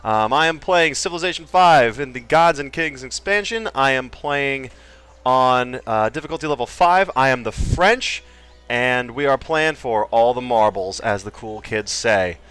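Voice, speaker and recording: A man's voice: medium pitch, expressive, measured pace, fairly bright tone, clean tone. A man hosting a casual Let's Play, cracking jokes and trailing off into mumbled asides as he explains his moves. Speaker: gaming channel host.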